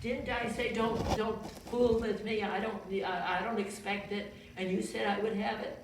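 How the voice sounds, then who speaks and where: A woman voicing a distraught grieving mother who reproaches a prophet, raising her pitch a little as she pleads. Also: fairly even intonation, moderate pace, slight background noise, lightly acted. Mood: reproachful. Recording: very echoey room, far from mic.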